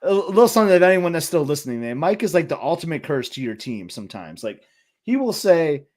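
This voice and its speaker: A man co-hosting a podcast in a relaxed, teasing way, filling his speech with "like". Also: a little high, fast talker. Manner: laid-back, teasing, fills speech with "like". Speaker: podcast co-host. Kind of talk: casual chat.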